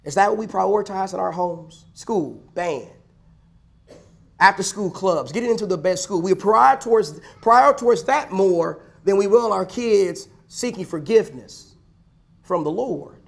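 A pastor preaching a sermon to a congregation, asking rhetorical questions and repeating key lines for emphasis. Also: male voice, high voice, animated, measured pace, vocal fry. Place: church.

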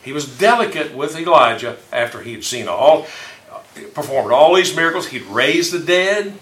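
A man's voice: on the high side, expressive, normal speed, fairly bright tone. A man leading a casual group Bible discussion, telling stories with rambling self-corrections. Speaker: Bible study leader. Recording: echoey room, mic far off.

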